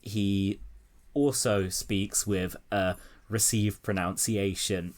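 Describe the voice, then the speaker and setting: A man's voice: lowish voice, steady tone, slow, background noise. A man hosting a casual political chat, sardonic and swearing freely. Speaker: podcast host.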